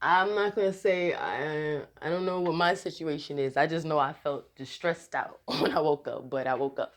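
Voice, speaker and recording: A woman's voice: sits low, normal speed. A woman telling a rambling, casual story to her viewers, laughing often and restarting her sentences. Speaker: vlogger.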